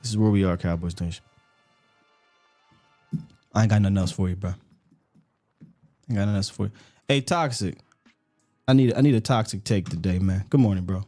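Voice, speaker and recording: A man's voice: lowish voice, a little fast, long pauses, dark tone, soft background music. A man hosting a casual sports talk show, speaking in a sarcastic, mocking way. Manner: sarcastic, mocking, puts on quoted voices. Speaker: sports podcast host.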